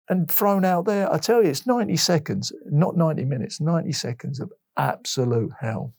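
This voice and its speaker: A man's voice: on the high side, brisk, creaky, few pauses, no room sound. A man in his fifties from England, speaking candidly and emotionally as an interview guest, acting out past conversations as he tells his story. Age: 50s. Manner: emotional, open storytelling with lively retold dialogue.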